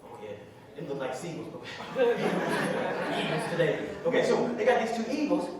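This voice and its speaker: Animated male preacher in an echoey hall. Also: high voice, normal speed, distant mic, heavy background noise. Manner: animated, calls to the crowd. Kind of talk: sermon storytelling.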